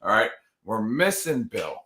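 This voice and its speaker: A man with a bright, forceful voice hosts a live show. He jokes and rambles casually with his co-hosts. The sound carries a roomy echo. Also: fairly low pitch, big pitch swings, a little slow. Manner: loose, joking, rambling. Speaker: podcast host.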